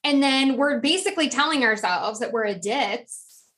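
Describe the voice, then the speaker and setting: A middle-aged woman from New Jersey, a guest on a podcast, chatting casually and acting out quoted dialogue with lively jumps in pitch. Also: normal speed. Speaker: podcast guest, author and life coach. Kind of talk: casual conversational interview.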